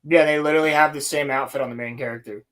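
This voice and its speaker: A young man co-hosting a casual podcast, talking about anime in an excited, rambling, slang-heavy way. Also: fairly high pitch, rapid-fire. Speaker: podcast co-host. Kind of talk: casual chat.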